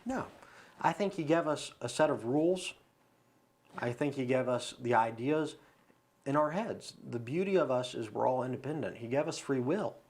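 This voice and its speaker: A man's voice: mid-range voice, lively intonation, normal speed, a little mellow. A man as a podcast guest, talking through philosophy and telling a story in a casual conversation, recorded in a studio.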